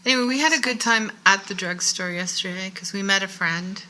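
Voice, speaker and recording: A woman's voice: mid-range voice, a little fast, pushed and bright, a little hiss or hum, poor audio. A woman co-hosting a casual makeup chat, joking and rambling a little. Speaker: co-host.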